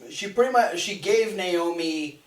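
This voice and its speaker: A man's voice: sits high, unhurried. A man co-hosting a podcast, casually recapping matches with plenty of restarts and fillers. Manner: rambling recap with frequent restarts. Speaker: podcast co-host. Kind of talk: casual wrestling recap chat. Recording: roomy, distant mic.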